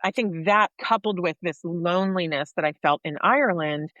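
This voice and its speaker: An American woman co-hosting a podcast, telling a personal story in a lively way and acting out the voices of people in it. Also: on the low side, moderate pace, dry recording, muffled recording. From United States. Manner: animated storyteller, acts out dialogue. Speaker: podcast co-host sharing her faith story.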